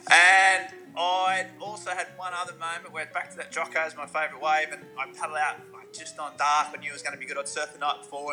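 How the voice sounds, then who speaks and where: Man, podcast guest, casual anecdotes, self-deprecating, bright sharp voice, faint music behind. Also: on the high side, poor audio. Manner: modest, self-deprecating storyteller.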